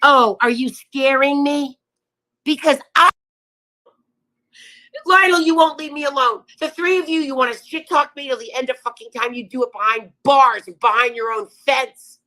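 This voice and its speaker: A woman in an angry, profane livestream rant, swinging between yelling and muttering. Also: sits high, moderate pace, low-quality recording.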